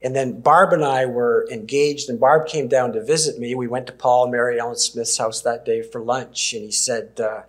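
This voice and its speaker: A man's voice: medium pitch, fairly even intonation. Canadian preacher in his sixties. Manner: warm storytelling with gentle laughs and emphatic pauses. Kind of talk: sermon with personal stories.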